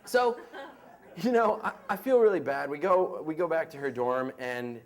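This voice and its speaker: Lively, high-voiced young American man. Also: moderate pace. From United States. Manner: casual, animated, heavy use of "like". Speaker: storyteller. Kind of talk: live story slam storytelling. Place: stage before a live audience.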